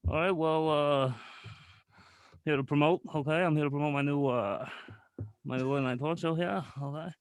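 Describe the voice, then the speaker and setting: A man doing a breathless, gravelly would-be talk-show host. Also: on the high side, steady tone, normal speed, pauses often, no echo, natural voice. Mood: rambling. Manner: fills every phrase with "okay" and "here"; belts off-key song snippets. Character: bumbling male late-night host, fussy and rambling. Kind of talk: comedic character bit.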